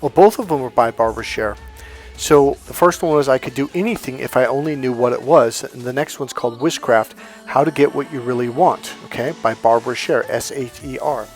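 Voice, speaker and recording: A man telling a personal story as a motivational coach, animated and swearing freely, acting out quoted dialogue loudly. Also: medium pitch, brisk, faint music behind. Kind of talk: casual storytelling monologue.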